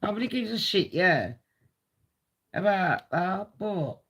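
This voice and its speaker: A woman rambles through a live gossip stream at an unhurried pace. Her voice has a gravelly, fried edge. She is blunt and swears constantly. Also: medium pitch, expressive, a bit bright.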